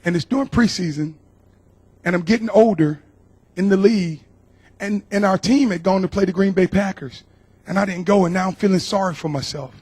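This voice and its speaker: This man's husky voice sits high, with a darkish tone and a brisk pace. A middle-aged guest speaker from Georgia, he gives his personal testimony to a church congregation with earnest emotion, often saying things again.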